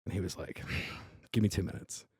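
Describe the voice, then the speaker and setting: A man's voice: a little fast, warm tone, no room sound, clean studio sound. A middle-aged man with a New York accent, a comedian guest telling a story in casual podcast chat, acting out both sides of the dialogue. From Staten Island, New York.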